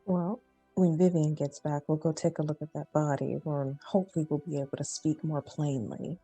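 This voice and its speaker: A woman player in a tabletop game, telling what her character does in quick, chatty run-on sentences. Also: sits low, steady tone, dark tone, slightly rough, dry recording, faint music behind. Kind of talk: casual tabletop play.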